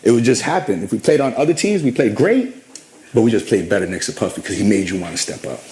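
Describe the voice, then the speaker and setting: A man's voice: on the low side, fast, slight background noise. A middle-aged man in an interview, telling long stories about his career and acting out what others said to him. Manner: animated storyteller, acts out quotes. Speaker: interview guest. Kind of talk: storytelling interview.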